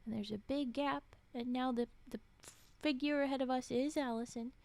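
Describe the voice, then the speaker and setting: A woman streamer reading a story aloud with dramatic flair, dropping into whispered asides and reacting out loud between passages. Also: sits high, steady tone, moderate pace.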